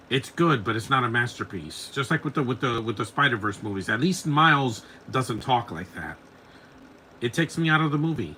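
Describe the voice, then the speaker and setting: A man's voice: mid-range voice, sharp tone, a little hiss or hum. A man in his forties hosting a live movie commentary podcast, blunt and opinionated, rambling from one complaint to the next. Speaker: podcast host.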